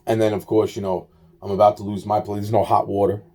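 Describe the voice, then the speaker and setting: Man for a rambling, aggrieved monologue, mellow low timbre, heavy swearing, repeats himself. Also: little pitch movement, fast talker. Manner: profane, repetitive, aggrieved storytelling.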